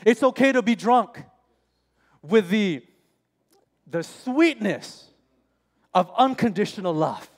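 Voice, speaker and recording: A man's voice: high-pitched, animated, slow pace, pauses often. A man in his forties preaching an impassioned, emphatic sermon in a church, often calling his listeners friends. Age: 40s. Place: church sanctuary. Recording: church hall reverb, faint music.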